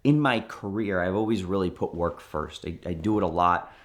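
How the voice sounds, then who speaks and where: A man in his thirties, a car dealer, telling a story with lively restarts and acted-out dialogue. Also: low voice, normal speed. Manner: animated, many restarts and quoted dialogue. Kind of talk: storytelling interview.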